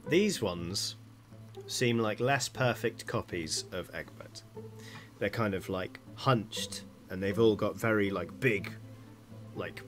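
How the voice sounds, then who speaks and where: Dungeon master guy, kinda low voice, lots of ums and likes, bit of music under it. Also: slow pace, fairly bright tone. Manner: rambling, filler-heavy description. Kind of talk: narrating a tabletop game.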